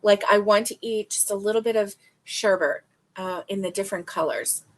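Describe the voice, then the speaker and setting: A woman's voice: medium pitch, normal speed. A woman hosting a casual crochet livestream, reading stitch descriptions aloud and reacting with delight.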